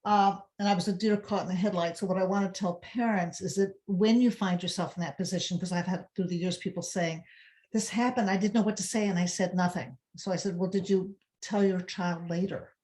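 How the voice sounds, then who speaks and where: A woman's voice: on the low side, steady tone, a little fast, dark tone. A woman on a parenting webinar, earnestly recounting her own experience and reassuring parents. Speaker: parenting educator on a webinar panel. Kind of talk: conversational webinar talk.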